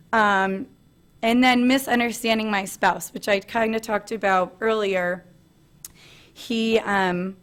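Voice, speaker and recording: A woman in her thirties giving an earnest personal presentation at a family meeting, pausing often on "um". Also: mid-range voice. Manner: earnest, frequent "um" fillers, light laughs.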